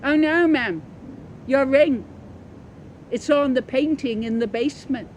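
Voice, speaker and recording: A woman's voice: high voice, measured pace, a little mellow, slight background noise, voice pushed up. A woman voicing a tiny, toothless old woman organist, who talks in eager, startled bursts. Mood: excited.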